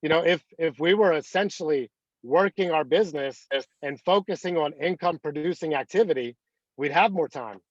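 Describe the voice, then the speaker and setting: A man's voice: on the high side, moderate pace, no echo, highs cut off. Rambling man leading a team call. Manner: rambling, anecdotal, many fillers. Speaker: team leader. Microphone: video call.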